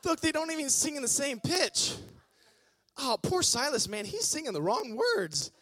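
A man's voice: very high voice, moderate pace, voice pushed up, heavily acted. A man voicing God in heaven as a playful, chatty figure who delights in being sung to. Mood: amused. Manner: excited, chatty, exclaiming.

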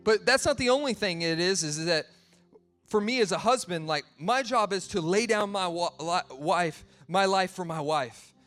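A man's voice: sits high, lively intonation, normal speed, a bit bright, soft background music. A male pastor preaching a sermon in a conversational storytelling way, laughing at himself as he tells family stories.

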